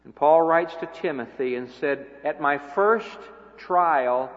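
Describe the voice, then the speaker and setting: Preacher guy, kinda high voice, goes quiet then booms, dull old recording w/ long hall echo. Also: takes it slowly. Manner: swings from hushed to loud emphatic climaxes. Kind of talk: sermon.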